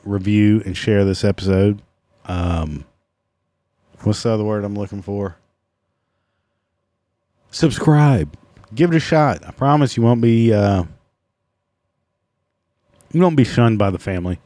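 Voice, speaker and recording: A man's voice: fairly low pitch, measured pace, pauses often, mellow, no room sound. A man hosting a casual solo podcast, swearing freely, sarcastic and mocking himself. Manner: profane, sarcastic, self-mocking. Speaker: podcast host.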